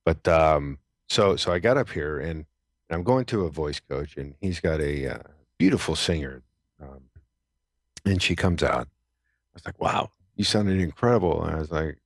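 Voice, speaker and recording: A middle-aged man with a very low, deep voice tells his story earnestly. He talks reflectively and often restarts his sentences. The sound is dry and close. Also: animated, moderate pace, long pauses, no room sound. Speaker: podcast guest, retired Navy SEAL. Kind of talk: conversational storytelling.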